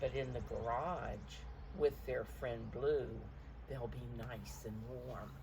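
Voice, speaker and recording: Low-voiced woman reading a picture book. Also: noisy background. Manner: gentle, expressive storytelling voice with pauses to explain pictures. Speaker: picture-book reader for preschoolers. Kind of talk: storytime read-aloud.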